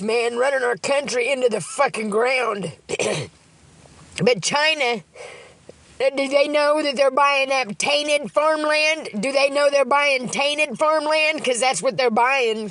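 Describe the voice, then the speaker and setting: A woman's voice: high-pitched, a bit bright. A woman ranting angrily on a phone livestream, heated, profane and repetitive. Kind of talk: angry livestream rant.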